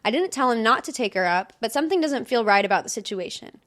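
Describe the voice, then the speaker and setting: A woman's voice: fairly high pitch, lively intonation, fast talker, fairly bright tone. Chatty woman reading stories aloud. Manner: laughs often, reads in a chatty way. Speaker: podcast co-host.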